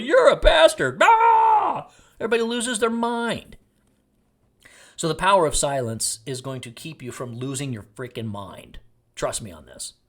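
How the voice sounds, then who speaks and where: A middle-aged man from Texas, a podcast host giving a blunt, jokey motivational monologue. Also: on the high side.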